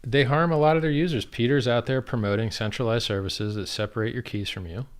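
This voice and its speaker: A man's voice: mid-range voice, steady tone, fairly quick, clean tone. A man chatting casually on a livestream, blunt and profane, laughing at how absurd things get. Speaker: livestream guest and crypto founder.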